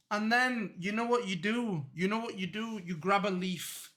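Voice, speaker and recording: High-pitched, rambling male streamer. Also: normal speed, few pauses. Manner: excitable, rambling, goofy storytelling. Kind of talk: reaction stream commentary.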